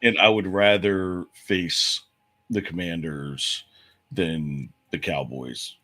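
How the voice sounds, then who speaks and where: A man co-hosting a sports podcast, casually running through game picks in a relaxed way. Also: sits low, slow.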